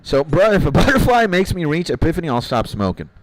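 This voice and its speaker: Fast-talking and very animated, a man with a slightly high voice chats loosely with his viewers while streaming a game. He rambles in slang, calling chat "bro" and "my G", over poor audio with a bit of hiss or hum.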